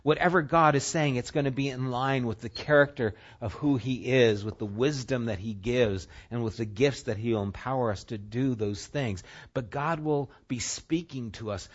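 A man delivers a sermon woven with personal stories in a conversational way. His delivery swings between punchy, raised lines and soft, intimate stretches at a mid pitch. The recording sounds dull and slightly lo-fi. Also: moderate pace, few pauses. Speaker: pastor.

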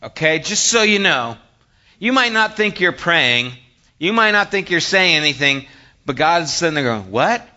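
A man preaching a sermon, conversational and animated, moving between hushed reflection and emphatic asides. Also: fairly high pitch, normal speed, lo-fi sound. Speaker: pastor.

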